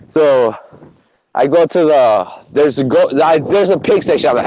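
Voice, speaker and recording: A man on a podcast telling stories in casual chat, animated and swearing a lot. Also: fairly high pitch, moderate pace. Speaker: podcast co-host. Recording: muffled lo-fi recording with faint noise.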